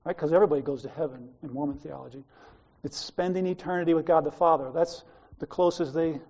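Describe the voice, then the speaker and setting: An older Australian man preaches in a loose, conversational way, drifting into personal stories and asides. His voice is dark and mellow. The recording is slightly muffled and lo-fi. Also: a little high, quick pace. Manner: conversational storytelling, wandering asides.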